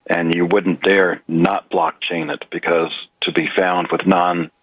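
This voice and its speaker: A male radio guest with a very low, husky voice explains his points steadily and deliberately. His line sounds dull and muffled, with a narrow band. The sound is dry, with no room echo. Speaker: guest on a call-in radio show. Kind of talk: measured commentary.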